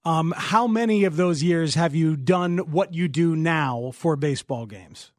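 A man's voice: a little high, a little slow, no room sound, studio quality. A man hosting a sports radio show, interviewing a guest in casual chat with lots of fillers. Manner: relaxed, filler-heavy, uses "like" often.

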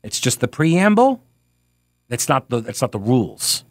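Sarcastic talk radio host, dry sound. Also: male voice, mid-range voice, big pitch swings, measured pace, vocal fry, no room sound. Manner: sarcastic, mocking; reads listener emails aloud.

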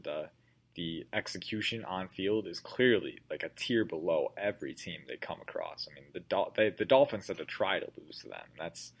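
Deep-voiced man hosting a sports podcast. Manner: rambling, full of restarts and "like". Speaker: podcast host. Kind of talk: casual sports podcast chat.

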